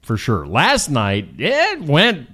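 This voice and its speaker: Upbeat man with lively pitch. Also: takes it slowly. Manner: upbeat, joking, rambling. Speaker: co-host of a local morning show. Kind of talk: casual chat.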